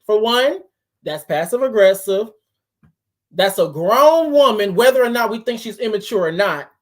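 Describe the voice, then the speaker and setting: A woman delivers reaction commentary in her ordinary, mid-pitched voice. She dissects tone and word choice point by point, in the manner of someone building a case. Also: lively intonation, moderate pace. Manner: analytical, picks apart tone and wording.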